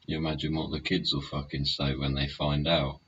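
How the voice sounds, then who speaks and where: A man's voice: a bass voice, level tone, brisk, a bit bright. A man hosting a live solo show from home, rambling, swearing a lot and tagging his points with questions. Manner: heavy swearing, tag questions. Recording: muffled lo-fi sound, faint hiss.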